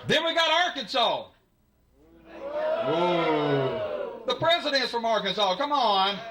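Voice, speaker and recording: A Southern man from Alabama does a folksy stand-up set on a live stage, his voice sitting very high and bouncing lively up and down. He drawls and teases the crowd, with plenty of room noise behind him. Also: takes it slowly. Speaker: stand-up comedian. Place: live show at a college venue.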